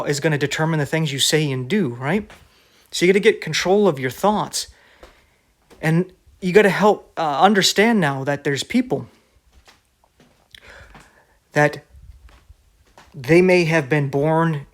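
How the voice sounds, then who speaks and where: Conversational male preacher, slightly high voice. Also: normal speed, pauses often. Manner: conversational, with many restarts and filler words. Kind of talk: casual sermon.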